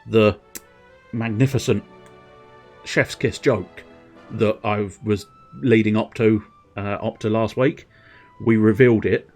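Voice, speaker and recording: Giggly gaming streamer. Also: male voice, on the low side. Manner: giggly, amused asides. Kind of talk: casual let's-play commentary.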